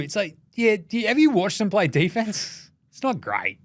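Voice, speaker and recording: Animated, sweary Australian man. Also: high-pitched, no room sound, clean studio sound. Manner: animated, profane, jokey rapid-fire riffing. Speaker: basketball podcast host. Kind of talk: casual solo commentary.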